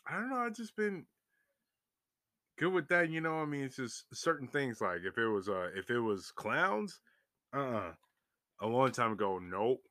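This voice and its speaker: A young man casually telling a story to his viewers, animated and swearing freely, his voice jumping up when he gets excited. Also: medium pitch, normal speed, no echo, clean studio sound. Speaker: vlogger.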